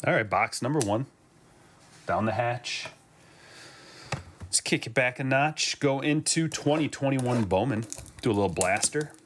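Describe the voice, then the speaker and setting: A man's voice: medium pitch, expressive, measured pace, long pauses, fairly bright tone, a little hiss or hum. A man hosting a live trading card break, chatting casually and joking with viewers while he opens packs. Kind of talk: casual live-stream commentary.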